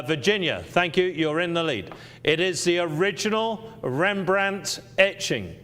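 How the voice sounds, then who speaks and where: A man's voice: high-pitched, a bit bright. A man working as an auctioneer on a live stream, selling with persuasive patter and repeating the key points to his bidders.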